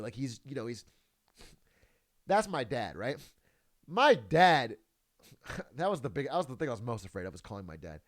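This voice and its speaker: A man telling a story casually, swearing freely and breaking into laughter often. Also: mid-range voice.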